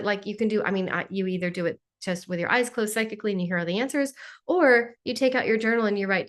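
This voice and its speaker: A woman's voice: mid-range voice, fast talker. A woman hosting a spiritual Q&A on a live video call, talking in a playful, joking way with sarcastic asides. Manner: playful, jokey, sarcastic asides, mimics voices.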